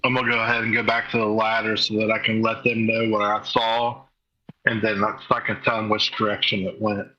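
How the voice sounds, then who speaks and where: A man's voice: on the low side, completely flat delivery, brisk, pushed and bright, a little hiss or hum. A man playing a tabletop game, stating his character's actions plainly. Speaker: player. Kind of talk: casual tabletop game play. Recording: dull lo-fi audio.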